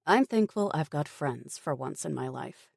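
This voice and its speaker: A woman voicing a blunt, sarcastic young woman survivor who teases her friends, in an audiobook read on a low, dark, dry voice. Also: expressive, normal speed, vocal fry, breathy edge, no room sound, full character voice.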